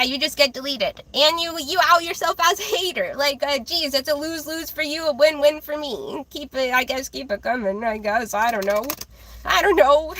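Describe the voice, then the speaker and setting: A young woman with a high, childlike voice, chatting casually with viewers on a livestream while reading tarot. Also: pushed and bright, slight background noise. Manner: chatty, giggly, reads chat aloud.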